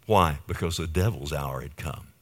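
A man's voice: extremely low pitch, normal speed. A male pastor preaching a sermon, asking the congregation questions and building emphasis on key phrases.

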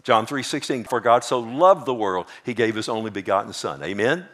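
A male pastor preaching in a mid-pitched voice, neither high nor low. He leans hard on repeated points and reads scripture aloud at a slow, measured pace. Now and then he asks the congregation "amen?". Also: fairly bright tone. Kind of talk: sermon.

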